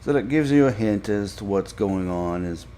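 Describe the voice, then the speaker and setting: Guy slowly going over an episode, mellow voice, faint hiss behind, lots of um and uh. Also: lowish voice, animated. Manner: halting, many fillers and restarts. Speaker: podcast reviewer. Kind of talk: casual episode recap.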